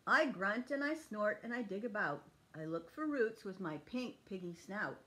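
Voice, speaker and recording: A woman's voice: medium pitch, animated, moderate pace, fairly bright tone, lightly acted. A woman voicing a muddy, snorting pink pig from a storybook, in playful rhymes.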